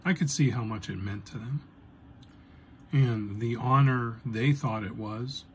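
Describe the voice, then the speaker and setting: Man, first-person storyteller, dry humor, slow deliberate pace, middle pitch. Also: slight background noise.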